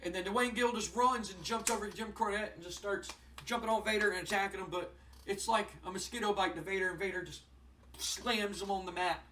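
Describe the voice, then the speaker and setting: A young man casually commenting on a wrestling management game, rambling with lots of fillers and getting excited. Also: sits high, brisk, distant mic, slight background noise. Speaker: gaming channel host. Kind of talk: casual let's-play commentary.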